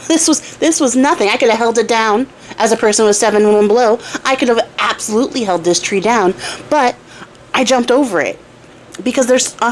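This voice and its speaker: A woman's voice: fairly high pitch, slight background noise, close to an everyday voice. A woman doing a smug, boastful little tailor. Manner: smug, overly polite bragging.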